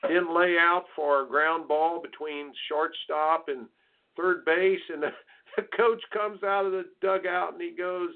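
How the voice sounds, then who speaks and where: Over a tinny phone connection, a fairly high-pitched man from the United States talks at a measured pace. He's a tennis coach and radio host offering coaching advice in a blunt, folksy, preachy way, with sing-song asides that mock soft attitudes.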